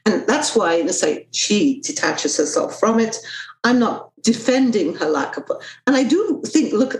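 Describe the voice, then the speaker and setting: A woman's voice: mid-range voice, very animated, normal speed, roomy sound, poor audio. A woman author being interviewed, talking in a thoughtful, digressive way, often acting out quotes. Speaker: author and guest. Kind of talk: conversational interview.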